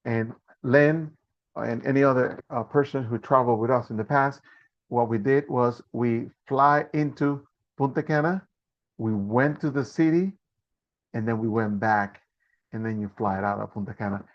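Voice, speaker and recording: A man's voice: mid-range voice, normal speed, lo-fi sound. A man hosting a live online Q&A about a trip, talking with many fillers and restarts. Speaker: host and trip organizer.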